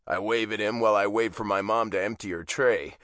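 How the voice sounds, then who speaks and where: A man narrating a first-person audiobook in a wry, expressive way, on a close studio mic. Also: lowish voice, brisk, dry recording.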